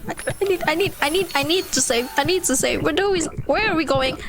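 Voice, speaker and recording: High-voiced, excitable woman streamer. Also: fast talker, hardly any pauses, low-quality recording. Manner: excitable, swears and laughs a lot. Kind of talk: horror game playthrough with live reactions.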